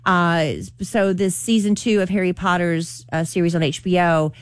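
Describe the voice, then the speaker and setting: A woman's voice: lowish voice, fairly even intonation, moderate pace, clean tone, dry recording. A woman co-hosting a morning radio show, chatting about entertainment news and reading ads. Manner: chatty, reads news items and ad copy. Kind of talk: morning radio chat and live ad read.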